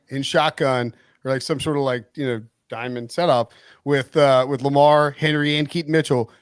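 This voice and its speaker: A man hosting a live sports betting stream, talking in a rambling, animated way and often cutting himself off. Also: fairly high pitch, dry recording, studio quality. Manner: rambling, animated, self-interrupting. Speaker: host.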